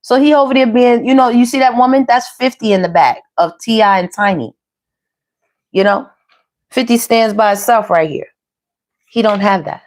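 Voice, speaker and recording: A woman giving a casual tarot reading, talking to her viewers in a chatty, slangy, animated way. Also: a little high, moderate pace. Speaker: tarot reader.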